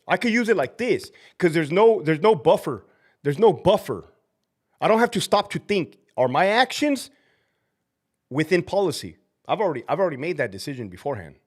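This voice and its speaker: A man who used to be a prison officer, hosting a casual live stream and talking bluntly and profanely about use of force. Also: a little high. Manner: profane, blunt, animated storytelling. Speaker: livestream host, former prison officer. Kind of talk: casual livestream chat.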